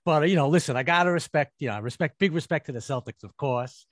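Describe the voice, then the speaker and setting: A man's voice: a little high, quick pace, dry recording, studio quality. A man hosting an interview, chummy and loose, with short interjections and repeated questions. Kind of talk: casual interview chat.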